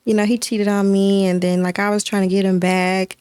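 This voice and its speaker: A woman speaks as a guest in a casual interview at a middle pitch. Her talk is earnest, heartfelt and full of "like" fillers. The sound is dry and close. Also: flat delivery, brisk, a little mellow, clear, resonant tone, no room sound. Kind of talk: casual chat.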